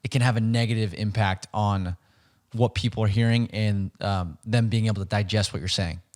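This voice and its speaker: A man's voice: fairly low pitch, steady tone, moderate pace, darkish tone. A man hosting a podcast interview, asking curious, long framed questions. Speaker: podcast host.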